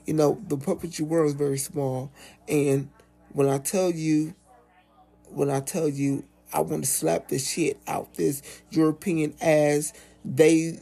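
A man with a slightly higher pitch and a mellow, gravelly tone talks in a loose, animated way. He is sassy and swears freely, stretching out words for emphasis. It is a relaxed podcast conversation. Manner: animated, swearing, sassy asides, drawn-out "baby". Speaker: puppeteer guest. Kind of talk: casual podcast chat.

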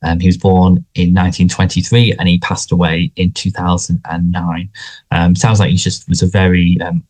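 Deep-voiced guy on a chatty podcast, lots of ums and restarts. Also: level tone, normal speed, a little mellow. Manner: hesitant, full of fillers and restarts. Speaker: podcast co-host. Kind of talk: casual podcast chat.

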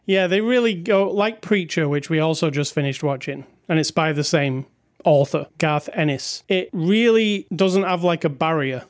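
An enthusiastic podcast co-host chats casually. The talk rambles, with plenty of fillers. The pitch stays in a middle range. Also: normal speed. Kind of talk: casual chat.

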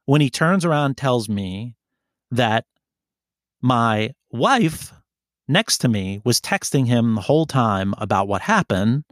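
A man's voice: mid-range voice, expressive, slow, dry recording, clean studio sound. A man telling a rambling, profane story in casual chat. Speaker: podcast co-host telling a story.

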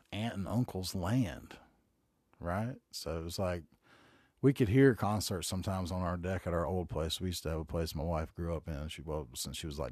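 Brief: very low-voiced Southern man in his forties, loose profane podcast monologue, dry close mic. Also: darkish tone, dry recording. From North Carolina. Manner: rambling, profane, laid-back storytelling. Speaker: podcast host. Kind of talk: casual solo podcast monologue.

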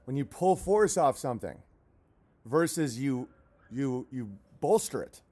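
A man hosting a livestream, rambling in a casual, profane rant and now and then breaking off to yell at barking dogs. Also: medium pitch, lively intonation, measured pace. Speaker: livestream host.

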